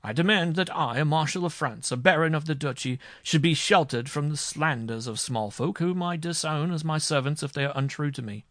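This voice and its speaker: A man reading aloud and voicing an arrogant, hot-tempered noble marshal on trial, who blusters loudly and indignantly. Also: mid-range voice, normal speed, hardly any pauses, no room sound, studio quality, natural voice.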